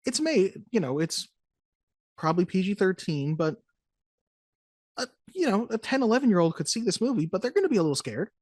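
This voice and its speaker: A podcast co-host chatting casually about a film, animated and jokey, often slipping into quick mock voices. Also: mid-range voice, no room sound, clean studio sound. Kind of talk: casual movie-review chat.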